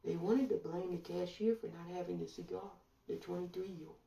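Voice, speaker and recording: A woman commentator delivering a sarcastic monologue full of rhetorical questions and drawn-out pauses. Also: on the low side, steady tone, vocal fry, warm tone, recorded from a distance. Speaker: online commentator. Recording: roomy echo, voice away from mic.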